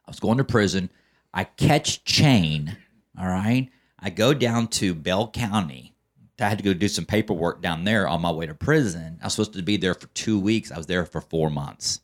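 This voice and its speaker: A man's voice: low-pitched, normal speed. A man telling his recovery story as a podcast guest, in a fervent, preacher-like way that keeps checking in with "okay?" and "right?". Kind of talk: testimonial storytelling.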